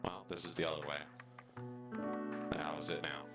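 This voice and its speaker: A man's voice: extremely low pitch, flat delivery, normal speed, loud music behind the voice. A man co-hosting a let's play stream, casual and laid-back, puzzled as he tests his microphone. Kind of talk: casual gaming chat.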